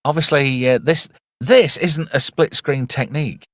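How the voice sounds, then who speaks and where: A man talks through a film in a loose, irreverent ramble, cursing freely. His voice sits at an ordinary middle pitch. The sound is dry and close, with no room echo. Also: normal speed, breathy edge. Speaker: movie reviewer. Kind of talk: casual film commentary.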